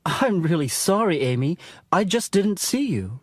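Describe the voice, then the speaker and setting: A man's voice: sits high, sing-song, unhurried, husky, no echo, exaggerated voice. An actor playing a young office worker who keeps apologizing for his mistakes. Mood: apologetic. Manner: apologetic, flustered.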